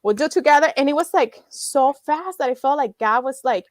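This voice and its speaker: A woman's voice: high voice, fairly quick, no room sound. A woman in her thirties, a guest founding a nonprofit, telling her story in conversation, acting out dialogue and laughing often.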